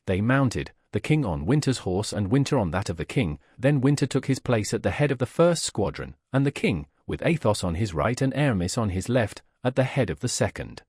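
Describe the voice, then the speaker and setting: A man reading a classic adventure novel aloud as an audiobook narrator, in a lively, expressive way. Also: lowish voice, a little fast, few pauses, breathy edge, no echo, clean studio sound.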